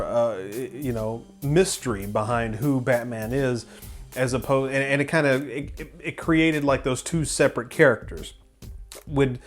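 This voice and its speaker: A man hosting a film review show, talking in a casual, rambling, opinionated way with many restarts. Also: mid-range voice. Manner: enthusiastic, opinionated.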